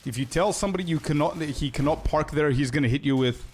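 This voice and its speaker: A man's voice: fairly high pitch, fast, hardly any pauses, a little mellow. A man streaming a game, chatting casually with viewers in a laid-back, slangy way and laughing often.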